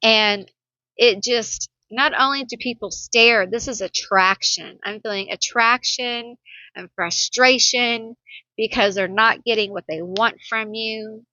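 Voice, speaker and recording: Slow, blunt woman reading tarot. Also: on the high side, pushed and bright, dry recording, dull audio. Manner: blunt and sassy, laughs often. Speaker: tarot reader. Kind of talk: pick-a-card tarot reading.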